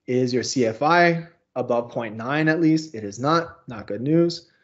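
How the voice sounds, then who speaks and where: A man's voice: mid-range voice, measured pace, muffled recording. A male instructor giving a casual, explanatory recorded lecture walkthrough with informal asides.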